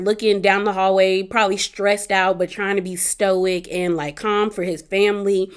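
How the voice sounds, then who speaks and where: Woman vlogger, casual recap delivery, rambling with fillers and restarts, open and personal. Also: mid-range voice. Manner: heartfelt, personal asides.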